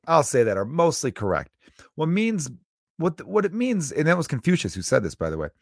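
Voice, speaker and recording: A man's voice: medium pitch, no room sound. Guy in his 30s doing a solo podcast, laid back motivational talk, swears a bit, dead dry mic. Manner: chatty, motivational, swears casually. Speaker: podcast host. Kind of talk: casual solo podcast monologue.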